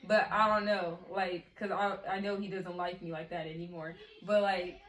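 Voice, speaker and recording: A woman's voice: lowish voice, level tone, normal speed, fairly bright tone. A young woman telling a rambling, giggly story to the camera in casual chat. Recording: echoey room, faint noise.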